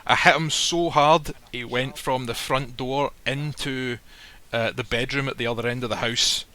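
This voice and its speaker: A man's voice: mid-range voice, fairly even intonation, moderate pace, pushed and bright. A man casually telling a personal story, blunt and swearing freely, acting out the lines people said. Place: live stream recording.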